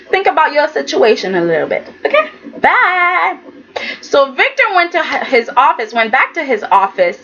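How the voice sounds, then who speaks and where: Bright, high-voiced woman recapping a soap. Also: highs cut off. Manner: animated, talks straight at the characters. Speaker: soap opera recap vlogger. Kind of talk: casual recap commentary.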